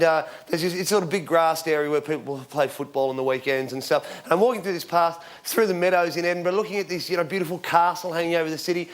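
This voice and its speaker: A man in his forties doing a stand-up routine on stage, telling rambling deadpan stories with fillers and shouting out the punchlines. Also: on the high side. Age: 40s. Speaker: stand-up comedian. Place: comedy stage before a live audience. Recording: loud crowd laughter and applause, background noise. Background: audience laughing and clapping.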